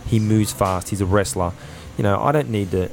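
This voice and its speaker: An Australian man hosting a casual podcast interview in a coffee shop, chatty and full of quick restarts. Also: lowish voice, vocal fry, noisy background. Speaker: podcast host. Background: faint café music.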